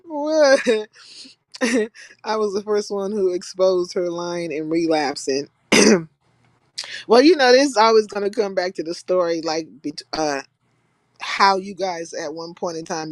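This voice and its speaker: Blunt, low-pitched young woman streamer. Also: no room sound. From California. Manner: blunt and profane, laughing often. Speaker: livestream host. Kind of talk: casual live-stream chat.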